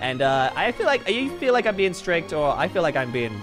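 A woman's voice: low voice, very animated, a little fast, over music. A woman playing a strict, bossy dad in a comedy game role-play, barking orders playfully. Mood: scheming.

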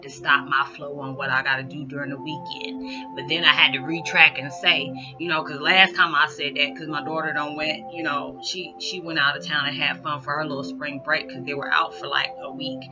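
A woman's voice: deep voice, moderate pace. Woman, 40s, casual rambling vlog talk, lo-fi sound. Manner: rambling, conversational, many "you know" fillers; animated, rising loud when acting out reactions. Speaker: spiritual vlogger. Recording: dull lo-fi audio with background music.

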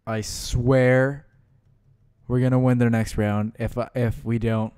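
A young man hosting a gaming channel, giving let's-play commentary with excitable yells, laughter and constant "dude"s. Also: mid-range voice, takes it slowly, clear, resonant tone, no room sound, clean studio sound.

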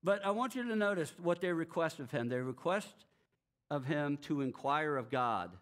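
A man preaching a sermon as pastor of a church, telling the story in a lively way with rhetorical questions and frequent chuckles. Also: fairly high pitch, normal speed.

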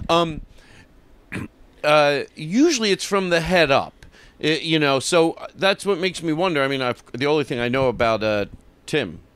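Rambling middle-aged comedian, slightly high voice. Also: male voice, animated, a little slow, a bit bright, clean tone, no echo. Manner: rambling, self-interrupting, bursts into mock tantrums. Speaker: comedian guest. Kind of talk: podcast banter.

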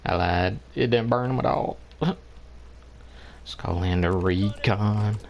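A man's voice: lowish voice, slow pace, creaky, a little mellow, a little hiss or hum. A man giving casual commentary over his own online shooter match, trash-talking opponents and laughing often. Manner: playful trash talk with frequent laughter. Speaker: gameplay commentator.

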